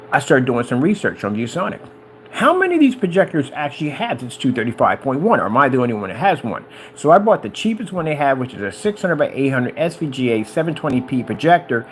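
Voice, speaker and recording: A man talking casually and excitedly about projectors, rambling and wandering off topic. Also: mid-range voice, fairly quick, a little hiss or hum. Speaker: business owner reviewing projectors.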